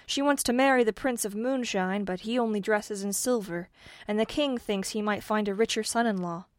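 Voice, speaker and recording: A woman's voice: medium pitch, normal speed, dry recording, lightly acted. A gossipy townsman who knows all the court news, as a woman reading a fairy tale puts him on. He talks in a knowing, chatty way. The room is dry. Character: a gossipy male bystander in a royal city. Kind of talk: storybook reading.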